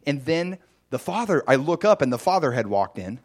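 A man preaching a sermon, lively and animated as he tells a dream story, with casual fillers. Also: a little high, moderate pace.

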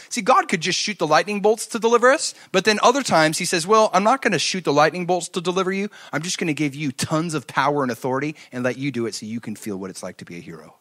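Animated male preacher, lively pitch. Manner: animated storytelling, swinging from loud to hushed. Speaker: pastor. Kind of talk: sermon.

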